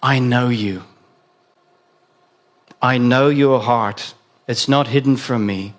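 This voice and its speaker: A man voicing Jesus as a calm, knowing teacher, speaking slowly and solemnly in a lower voice. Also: close to an everyday voice.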